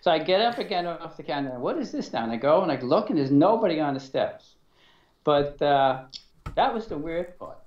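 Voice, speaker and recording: A middle-aged man telling a personal story as an interview guest, halting and full of fillers and restarts, acting out dialogue. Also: fairly high pitch, lively intonation. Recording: dull, roomy sound.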